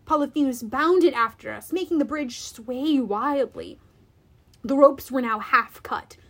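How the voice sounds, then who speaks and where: A woman reading a first-person adventure aloud, expressive and deliberate. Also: high voice. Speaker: audiobook reader. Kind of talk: dramatic first-person storybook narration.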